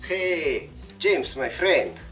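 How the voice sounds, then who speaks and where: A man's voice: a little high, sing-song, very slow, over loud music, pitched above the performer's own voice, full character voice. Guy doing a dude w broken english, bit far off. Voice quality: broken English, dropped verbs. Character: Russian man showing off a game.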